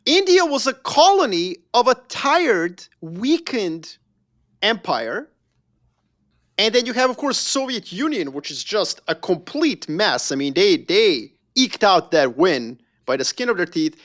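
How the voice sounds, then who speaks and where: A man's voice: high-pitched, measured pace. A man from Yugoslavia who is a guest on a podcast, telling stories with emphasis and sometimes speaking straight to the listener. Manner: animated, emphatic storyteller who addresses the listener directly. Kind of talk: casual conversation.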